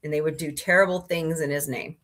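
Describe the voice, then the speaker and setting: A woman's voice: sits low, fairly even intonation, fairly quick, fairly bright tone. A woman hosting a casual livestream, chatting in a rambling way, sniffly, and greeting viewers by name. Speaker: livestream host.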